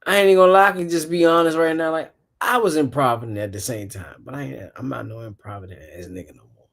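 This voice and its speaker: A man's voice: medium pitch, fast talker, gravelly, fairly bright tone. A man hosting a casual podcast chat, explaining things in a loose, rambling way and laughing often. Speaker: podcast host.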